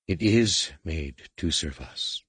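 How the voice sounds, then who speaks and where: A man voicing a stern, middle-aged female master shaper who speaks in a measured, quiet, authoritative way. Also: low voice, husky, no room sound.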